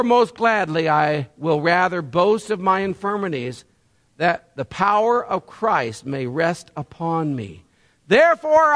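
A man's voice: sits high, a bit bright. A man preaching a sermon, folksy and conversational, firing rhetorical questions at the congregation. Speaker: pastor.

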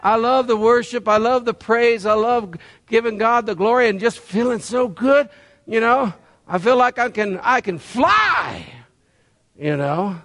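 A man's voice: very high voice, expressive, a little slow, a bit bright. A man preaching a sermon, folksy and conversational, firing rhetorical questions at the congregation. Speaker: pastor.

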